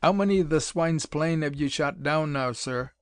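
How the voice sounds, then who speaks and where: A man puts on a wiry little Cockney mechanic, twanging, excitable and high-pitched, h's dropped all over. The voice sits well above the reader's own, and the recording is dry. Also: normal speed, clear, resonant tone, no room sound, lightly acted. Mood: admiring.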